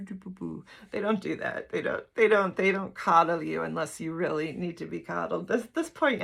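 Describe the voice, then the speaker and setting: A woman's voice: low voice, creaky, husky. A middle-aged woman giving a candid, rambling personal talk to her channel's viewers, full of fillers and asides. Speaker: spiritual teacher and YouTuber. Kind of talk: casual personal talk to camera.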